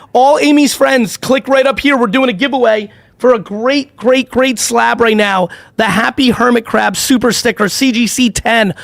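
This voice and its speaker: A man's voice: high-pitched, creaky, no room sound. A middle-aged man hosting a live stream, talking in an intense, profane, emphatic way with lots of repetition. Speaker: livestream host running giveaways. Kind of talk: unscripted live-stream pep talk and sales pitch.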